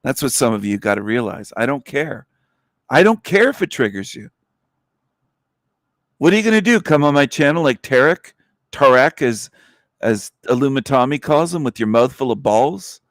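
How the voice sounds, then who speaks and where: A man's voice: medium pitch, animated, normal speed, dry recording, clean studio sound. Profane, scornful man ranting. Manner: blunt and profane, with scornful laughs. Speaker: livestream host. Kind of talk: angry rant.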